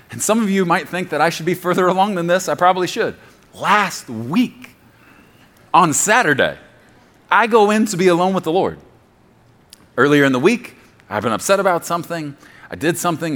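Middle-aged pastor guy preaching, bit high voice, swings up and down a lot, chatty. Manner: conversational preaching, drops to soft murmur for quoted prayers. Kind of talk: sermon.

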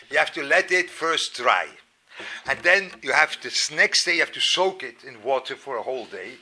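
Animated man, bright voice. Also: mid-range voice. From Switzerland. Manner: animated, self-mocking, repeats words, sudden loud outbursts. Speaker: Torah class lecturer. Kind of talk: personal storytelling lecture.

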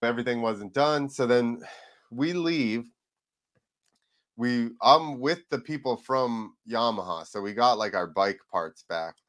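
A man's voice: mid-range voice, a little slow, a bit bright. A man guesting on a podcast, telling a rambling story in casual chat, acting out the people in it and swearing now and then. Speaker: podcast guest, freestyle motocross rider.

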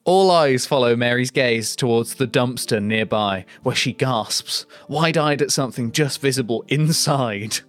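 A man's voice: medium pitch, unhurried, few pauses, fairly bright tone, no echo. A man co-hosting a comedy podcast, reading an AI-written script aloud and tripping over its awkward phrasing. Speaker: podcast co-host.

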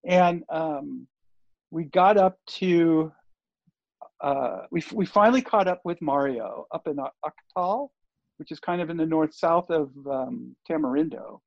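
A man's voice: a little high, measured pace, gravelly, no room sound. An older man, a guest on an interview show, telling a story in a loose, rambling way with lots of fillers and restarts. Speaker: interview guest, surf TV producer. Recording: dull lo-fi dry recording.

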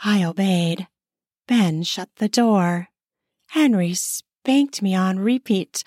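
A woman narrates an erotic story in the first person, taking her time over every phrase. Her reading is slow and intimate, and the close, dry recording has no room sound around her voice. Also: medium pitch, darkish tone, dry recording. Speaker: narrator and author.

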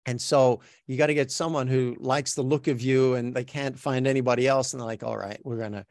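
A man's voice: mid-range voice, level tone, a little fast, darkish tone, dry recording, clean studio sound. A man with an Australian accent, talking as an interview guest in a chatty, self-reflective way, often restarting his sentences. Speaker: guest, actor. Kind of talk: podcast interview.

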